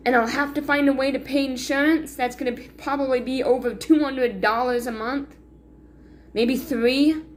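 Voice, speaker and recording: A woman's voice: high-pitched, steady tone, normal speed, slight background noise. A woman talking to her viewers in a rambling, self-critical confessional vlog, full of restarts and sighs. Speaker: vlogger.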